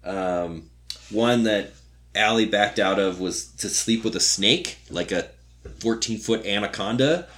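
A man's voice: on the low side, a little slow, a bit bright. A man co-hosting a podcast, chatting casually and rambling with lots of fillers as he retells a show. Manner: rambling, filler-heavy retelling with playful quoted voices. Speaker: podcast co-host. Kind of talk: casual chat.

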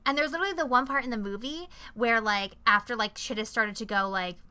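A young adult woman co-hosting a podcast, telling stories in an animated, profane, filler-heavy casual chat. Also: a little high, quick pace, clear, resonant tone. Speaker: podcast co-host.

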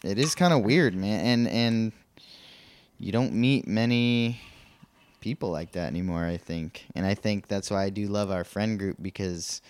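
Rambling young man, smooth voice. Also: fairly low pitch, measured pace. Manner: rambling, hesitant, many restarts. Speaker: podcast co-host. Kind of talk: casual chat.

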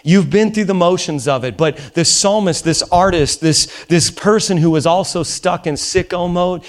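High-voiced man preaching with passion. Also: moderate pace. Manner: impassioned preaching, swings from hushed to shouting. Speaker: pastor. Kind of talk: sermon. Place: church auditorium.

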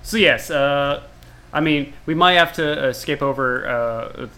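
A man's voice: fairly high pitch, unhurried, bright, forceful tone. A man co-hosting a casual podcast, giving short reactions and keeping the show on time. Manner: brief reactions, keeps the show on schedule. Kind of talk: casual chat.

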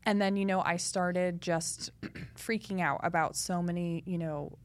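A young woman, a podcast guest, chatting in a lively way full of fillers as she tells her story. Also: on the low side, measured pace, no echo. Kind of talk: casual interview talk.

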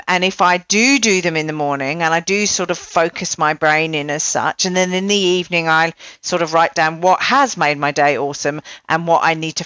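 A woman's voice: on the low side, fairly bright tone, no room sound. Woman podcast host, rambling and chatty, lo-fi dry recording. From not Australian. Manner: chatty, self-deprecating, many fillers. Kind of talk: casual chat. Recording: dull dry lo-fi sound.

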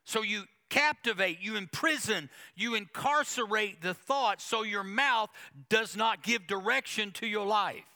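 Bright, gravelly high-voiced preacher man. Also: a little slow. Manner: emphatic preaching with quoted asides and repetition. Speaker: pastor. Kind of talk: sermon.

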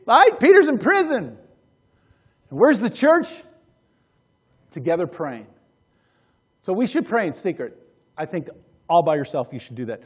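A male pastor preaches with a husky, high-set voice. He presses his points with urgency, swinging between animated bursts and hushed, earnest stretches. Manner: urgent, animated preaching that drops to quiet intensity. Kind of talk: sermon.

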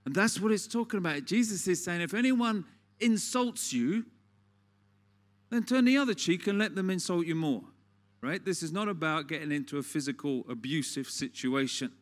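Preacher with rhetorical questions. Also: male voice, on the high side, fairly quick. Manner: conversational storytelling with rhetorical questions. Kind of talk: sermon.

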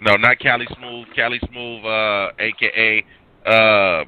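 A man co-hosting a casual chat about battle rap, slangy and halting, stumbling over his words. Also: lowish voice, fairly even intonation, bright, forceful tone. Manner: slangy, halting, full of fillers and restarts. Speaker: podcast co-host. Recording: tinny phone-like line with faint hiss.

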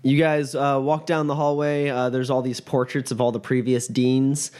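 A man narrating as game master, halting with many fillers. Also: mid-range voice, little pitch movement, a little mellow.

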